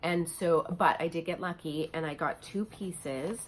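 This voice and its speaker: A woman's voice: low voice, a little slow, slight background noise. A woman craft vlogger chatting casually at home, gushing and chatty with lots of fillers. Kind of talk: casual show-and-tell chat.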